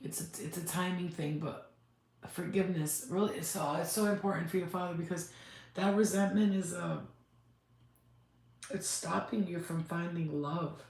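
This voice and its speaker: A woman psychic medium channeling messages in a halting, repetitive, emotional way, close to tears. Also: lowish voice, steady tone, vocal fry, a little mellow. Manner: halting, repetitive, restarts words. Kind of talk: live spirit channeling session. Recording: very echoey room, faint background noise.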